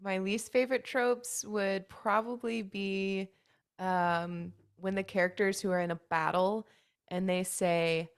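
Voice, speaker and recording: A woman's voice: mid-range voice, steady tone, measured pace, clear, resonant tone. A woman guest in a casual chat who laughs easily and speaks wryly. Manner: laughs easily, wry and amused. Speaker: podcast guest.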